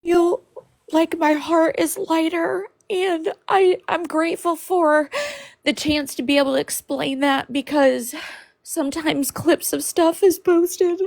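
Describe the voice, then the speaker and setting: A woman hosting a livestream, tearful and apologetic, talking in halting bursts through crying. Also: very high voice, steady tone, gravelly, darkish tone, no room sound, clean studio sound. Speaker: livestream host. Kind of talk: emotional livestream chat.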